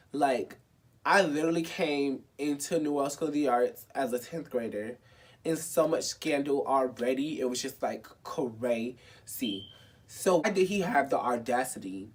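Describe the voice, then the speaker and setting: A young man in his twenties tells a personal story in a casual vlog, dramatic and expressive, swearing freely and saying "like" a lot. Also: medium pitch, husky. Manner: dramatic, expressive and profane, with lots of filler "like". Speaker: vlogger.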